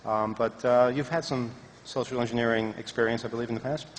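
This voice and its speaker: A man's voice: mid-range voice, fairly even intonation, fairly quick. A man moderating a conference panel, informal and joking, with hesitant fillers. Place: large conference hall. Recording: loud crowd in a reverberant hall. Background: a loud audience and clear noise.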